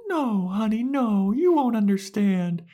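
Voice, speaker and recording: A man's voice: high-pitched, lively intonation, mellow, voice pushed up. A man putting on a sugary, condescending young woman who coos endearments at a child. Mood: patronizing. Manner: cooing, patronizing, drawn-out endearments.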